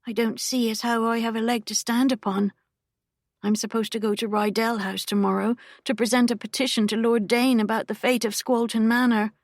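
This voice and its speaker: A woman's voice: fairly high pitch, little pitch movement, normal speed, no echo, clean studio sound, pitched above the performer's own voice. A woman voicing an earnest, unsure young country girl who talks in a pleading way.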